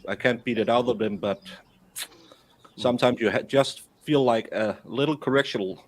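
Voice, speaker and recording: A middle-aged Danish man chatting on a stream, telling old workplace stories in a halting way full of restarts. His voice sits in an ordinary middle pitch, and English is not his first language. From Denmark. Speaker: guest, baker. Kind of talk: casual chat.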